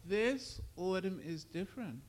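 Man reading as a calm, stubborn older man. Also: sits high, unhurried. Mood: resigned. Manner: calm, terse, blunt replies.

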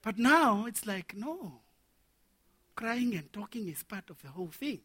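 A man preaching a sermon to men, animated and laughing as he acts out little scenes. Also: high-pitched, measured pace, husky.

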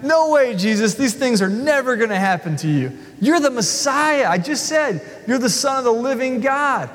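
Man acting out Peter: impulsive, eager male disciple, yelps his lines high and fast, long hall reverb. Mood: protesting. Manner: blurting, excitable, high-pitched.

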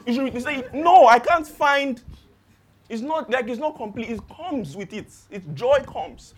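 A man's voice: very high-pitched, fairly bright tone. A young Nigerian man with a Nigerian accent preaching a sermon, asking his congregation rhetorical questions.

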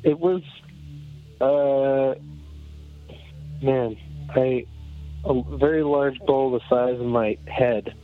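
A man calling in to a show, talking casually in a halting way with lots of fillers. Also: medium pitch, faint music behind. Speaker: caller. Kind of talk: casual phone call. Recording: tinny phone line.

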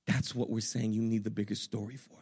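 A young man, a pastor, preaching a sermon in an animated, conversational way with casual slang. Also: fairly low pitch, a little fast, husky.

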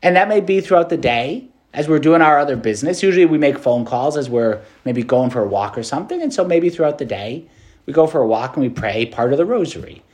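Lively, chatty priest man. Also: on the high side, quick pace. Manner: casual and animated, lots of fillers. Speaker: Catholic priest. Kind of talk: conversational preached meditation.

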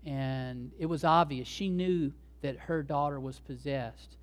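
A man's voice: on the high side, measured pace. A male pastor preaching a sermon conversationally, often asking rhetorical questions.

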